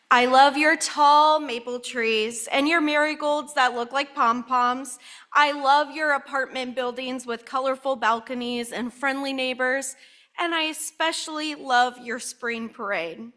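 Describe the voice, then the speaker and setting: A woman's voice: high-pitched, slow, bright, forceful tone, full character voice. A woman reading the lines of a cheerful little girl from a storybook during a church service, in an earnest, sing-song way. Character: cheerful little girl writing love letters. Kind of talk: reading a picture book aloud in church.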